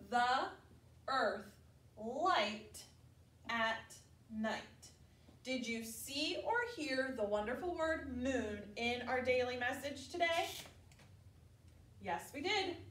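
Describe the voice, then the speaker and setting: A woman teaching preschoolers, speaking slowly and carefully, stretching out letter sounds and leading call-and-response drills. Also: high-pitched. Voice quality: clear, exaggerated enunciation of sounds. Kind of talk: slow, deliberate classroom instruction to young children. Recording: echoey room, distant mic.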